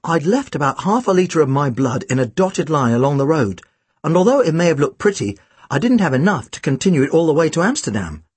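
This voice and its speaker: A man's voice: a little high, breathy edge, dry recording. A man reading a first-person storybook aloud with a dry, wry delivery. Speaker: audiobook narrator.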